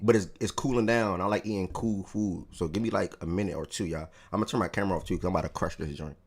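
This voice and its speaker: A man's voice: low-pitched, quick pace. Sick, laid-back man hosting a livestream. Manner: laid-back, joking, teasing chat members. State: sick, voice strained. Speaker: livestream host. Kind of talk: casual livestream chat.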